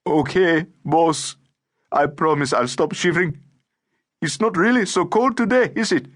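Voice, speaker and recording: A man's voice: a little high, a little slow, fairly bright tone, voice pushed up. A man voicing a timid, tearful young orphan boy in an audiobook, speaking meekly and pleadingly. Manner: meek, pleading.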